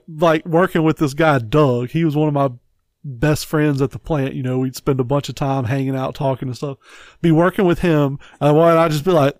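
A man's voice: a little high, darkish tone, no room sound. A man co-hosting a podcast in casual chat, telling long profane stories in a rambling way. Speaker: podcast co-host.

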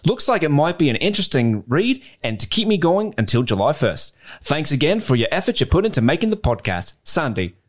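A man's voice: fairly high pitch, very animated, a little fast. Man putting on a chirpy Australian woman reader. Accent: put-on Australian. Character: Australian woman listener reading her fan email.

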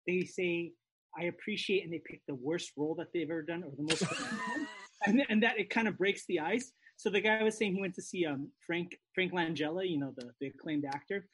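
Husky high-voiced man telling stories. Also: moderate pace. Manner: animated anecdote telling with quoted voices. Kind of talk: casual chat.

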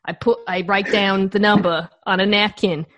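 A woman's voice: medium pitch, fairly even intonation, moderate pace, fairly bright tone, muffled recording. A woman hosting a talk show, playful and enthusiastic, joking while practicing an accent. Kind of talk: playful casual chat.

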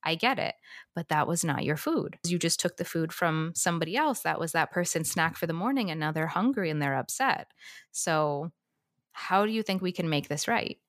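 A woman who co-hosts a podcast as a Montessori teacher, telling classroom stories in a calm, matter-of-fact way. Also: on the low side, moderate pace, dry recording, studio quality. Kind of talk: casual podcast discussion.

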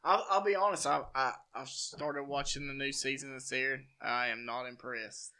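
A man in casual chat, telling stories in an animated way and acting out the lines. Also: medium pitch, normal speed. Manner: animated storyteller, does voices.

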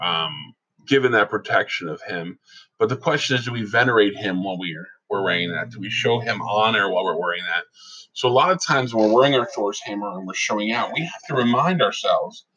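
On a casual podcast about his faith, a co-host with a lowish voice tells anecdotes. He acts out the people he quotes in lively voices, and the recording is low-quality.

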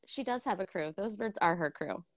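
A woman's voice: medium pitch, animated, a little fast, dry recording, clean studio sound. A young woman co-hosting a book club podcast, candid and laughing often, swearing casually. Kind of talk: casual chat.

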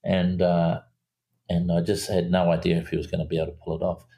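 A low, gravelly man tells a story in a relaxed interview. He talks animatedly, stops and restarts often, and jumps higher when he acts out what people said. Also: fast. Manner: animated storyteller, acts out quotes in a raised voice, many fillers and restarts. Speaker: film director guest.

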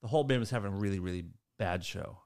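A man hosting a casual chat, telling stories in an animated way and laughing between sentences. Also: on the low side, rapid-fire. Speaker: podcast host.

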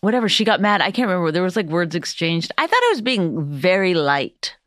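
A woman's voice: fairly low pitch, fairly quick, no room sound, clean studio sound. A woman stand-up comedian chatting on a podcast, telling blunt, profane stories about her gigs. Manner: blunt, profane and animated storytelling. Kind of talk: casual podcast chat.

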